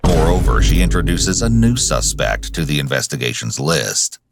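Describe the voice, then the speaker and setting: A man narrating a true crime documentary in a measured, dramatic way. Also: a bass voice, big pitch swings, creaky, no room sound, faint music behind.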